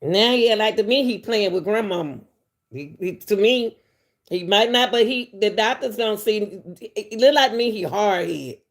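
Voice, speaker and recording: A woman's voice: mid-range voice, lively intonation, normal speed. A woman hosting an online commentary show, talking straight to her viewers in a chatty way and chuckling between points. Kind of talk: casual commentary.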